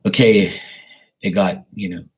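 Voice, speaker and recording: A man's voice: deep voice, steady tone, measured pace, darkish tone, husky. A man hosting a casual live stream and chatting with viewers, speaking bluntly with plenty of profanity and a rambling flow.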